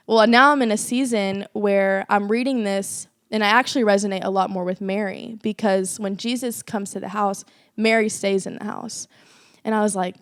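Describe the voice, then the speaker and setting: A woman's voice: mid-range voice, steady tone, normal speed, no room sound, studio quality. A young woman co-hosting a faith podcast, telling a personal story in earnest casual chat with lots of fillers. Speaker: podcast co-host.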